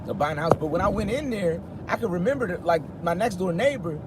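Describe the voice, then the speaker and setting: A man in his fifties talks casually on a live stream from the driver's seat, with a voice sitting a bit high for a man. The window is down, and clear street and traffic noise fills the phone recording. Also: animated, fast talker. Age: 50s. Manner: talks loosely, reads viewer comments aloud. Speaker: rideshare driver livestreaming. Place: inside a car with the window down.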